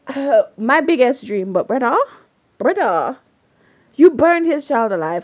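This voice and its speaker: Woman recapping a drama, high voice swinging all over, slangy and dramatic. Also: big pitch swings, unhurried, darkish tone, highs cut off. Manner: dramatic, slangy, gushing asides. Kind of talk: casual animated retelling.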